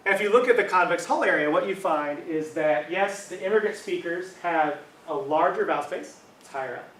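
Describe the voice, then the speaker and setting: In a lecture room, a middle-aged man gives a university linguistics talk in a high, animated, slightly bright voice, speaking a little fast. His explanations are casual and conversational, packed with fillers and check-ins like "right?". The distant mic picks up echo and a little hiss or hum.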